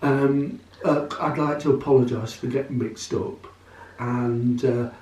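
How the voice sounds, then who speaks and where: A man reading a story aloud at home, jokey and halting, with casual asides. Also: mid-range voice, steady tone, darkish tone. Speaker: vlogger. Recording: roomy, from a distance.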